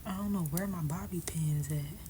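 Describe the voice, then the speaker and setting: A woman's voice: on the low side, normal speed, dark tone, a little hiss or hum, poor audio. A woman vlogger chatting casually and candidly while she does her hair, often dropping into a half-whisper. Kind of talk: casual chat.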